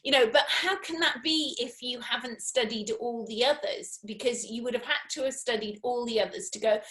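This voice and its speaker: Chatty higher-voiced woman, echoey room. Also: normal speed, a bit bright. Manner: chatty, many "you know" fillers, mimics others' reactions. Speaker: guest author. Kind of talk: personal story in interview. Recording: roomy echo.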